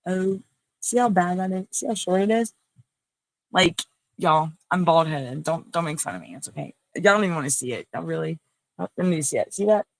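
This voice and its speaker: A woman's voice: lowish voice, lively intonation, brisk, creaky, no room sound. A woman hosting a casual livestream talk show, chatty and rambling, talking straight to her viewers.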